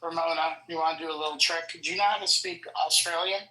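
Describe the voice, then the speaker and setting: Playful, coaxing man with a bright voice. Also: a little high, steady tone, fast talker, roomy sound, poor audio. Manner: playful prankster, coaxing and insistent. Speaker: call participant. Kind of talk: casual group call chat.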